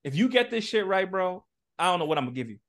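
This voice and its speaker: A man on a podcast, telling stories in loose casual chat, animated and full of swearing. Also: high voice, quick pace. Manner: animated, profane storyteller.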